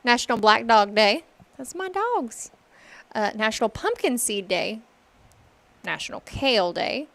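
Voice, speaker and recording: A woman co-hosting a casual morning show, trading quick, playful quips. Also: mid-range voice, creaky, fairly bright tone.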